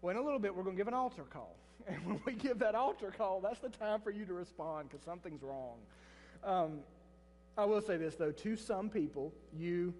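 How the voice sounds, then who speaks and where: A man with a high voice preaches in a church sanctuary, telling a story with quick restarts and asides to the people in the pews. His voice rings with a long reverb, and a faint hum sits underneath. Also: a little mellow. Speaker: pastor. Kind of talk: sermon.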